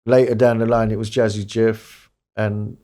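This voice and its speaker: A man's voice: fairly low pitch, flat delivery, moderate pace, dark tone. A middle-aged man with an East London accent, talking candidly and bluntly as a DJ guest, swearing freely. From East London, England. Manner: blunt, swears freely, mimics people in quotes. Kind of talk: candid podcast interview.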